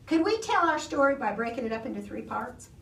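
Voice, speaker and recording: A woman teacher reading a story aloud and leading her class, slow and expressive, hushing the children. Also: fairly high pitch, gravelly, distant mic. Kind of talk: classroom lesson and read-aloud. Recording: echoey classroom heard from afar.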